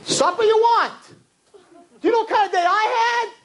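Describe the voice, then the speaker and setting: A man voicing an overworked, exasperated wife and mother who complains in a shrill, one-upping way. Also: normal speed, a bit bright.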